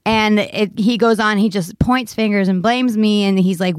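A woman's voice: medium pitch, steady tone, normal speed, few pauses, clear, resonant tone, no room sound, studio quality. A woman co-hosting a casual podcast chat, talking candidly and laughing often. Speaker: podcast co-host.

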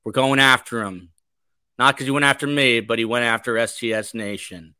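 A man's voice: mid-range voice, steady tone, normal speed, bright, forceful tone, clear, resonant tone, no echo. A man hosting a podcast livestream, chatting casually and reading viewer comments aloud. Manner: chatty, reads comments aloud, many fillers. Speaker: podcast host.

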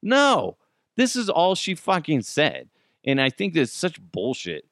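A man's voice: fairly high pitch, huge pitch swings, unhurried, fairly bright tone, no room sound, clean studio sound. A man hosting a podcast, ranting casually and profanely about the news and laughing at his own jokes. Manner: ranting, swears a lot, laughs. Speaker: podcast host.

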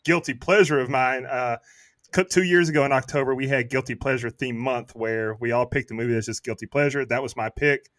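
A man's voice: mid-range voice, steady tone, fairly quick, a bit bright, dry recording, clean studio sound. A man co-hosting a horror podcast, asking his questions in a friendly, step-by-step way. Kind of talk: casual interview.

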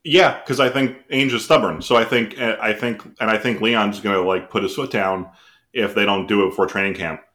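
A man co-hosting a casual podcast, with a dry, deadpan sense of humor. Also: on the low side, a little fast. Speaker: podcast co-host.

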